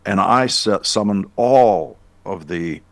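A man's voice: sits low, animated, takes it slowly, no echo. A man from Boston, a guest news anchor, talking in a casual radio interview and rambling with many restarts and fillers.

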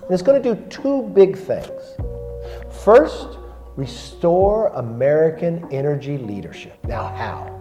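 A man speaking in a measured, sing-song way, explaining a process step by step in a played clip. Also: fairly high pitch, very animated, dark tone, long reverb tail, soft background music. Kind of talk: slow explanatory address.

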